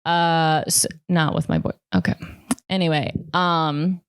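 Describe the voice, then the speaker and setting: A woman's voice: low voice, expressive, measured pace, smooth, no room sound, studio quality. A young woman vlogger talking frankly about her feelings, swearing often and saying "like" a lot. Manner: frank and profane, heavy use of "like". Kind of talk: candid personal monologue.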